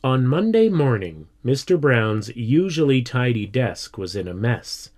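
A man reads a children's story aloud at an unhurried pace. His voice sits at a middle pitch, and he takes each line in a steady, measured way.

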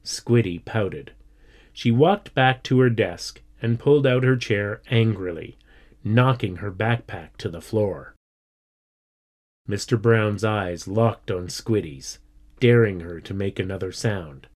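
Brief: male storybook narrator, slow, steady delivery. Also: fairly low pitch. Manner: slow, deliberate. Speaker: reader.

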